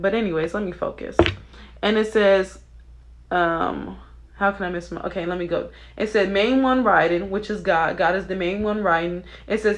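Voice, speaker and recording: A woman's voice: fairly low pitch, poor audio. A young adult woman talking casually and earnestly to her viewers, giving a spiritual reading with many fillers and asides. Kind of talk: casual devotional talk to viewers.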